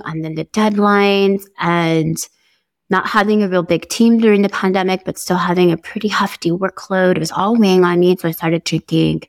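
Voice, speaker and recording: A woman's voice: fairly low pitch, no echo. A woman hosting a podcast, telling her own story in a candid, conversational way, upbeat and easygoing with small laughs. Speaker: podcast host. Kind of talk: personal storytelling monologue.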